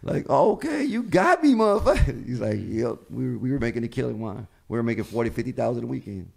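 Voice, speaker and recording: A man's voice: medium pitch, quick pace, creaky. A man who is a comedian telling stories in a casual chat, acting out the people he quotes and swearing freely. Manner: animated storyteller, acts out quotes, swears freely. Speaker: comedian guest.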